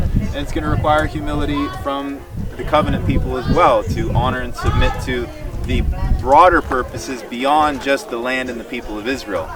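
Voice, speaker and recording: A man giving an animated, emphatic Bible teaching to a tour group outdoors. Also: mid-range voice. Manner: animated and emphatic, acts out quoted dialogue. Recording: distant mic outdoors with crowd noise.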